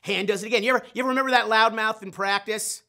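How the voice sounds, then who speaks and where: A man with a bright, ringing voice gives a motivational sales training talk as host. He is animated and pokes fun at himself, acting out his own frustrated inner voice. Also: high voice, rapid-fire. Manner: animated, acts out his own inner voice, self-deprecating humor.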